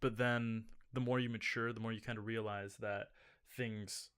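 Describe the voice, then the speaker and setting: A man with a bright, forceful voice co-hosts a loose podcast chat. He rambles and jokes, piling on fillers as he goes. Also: fairly low pitch, level tone, moderate pace, clear, resonant tone. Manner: joking, rambling with many fillers. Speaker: podcast co-host. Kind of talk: casual chat.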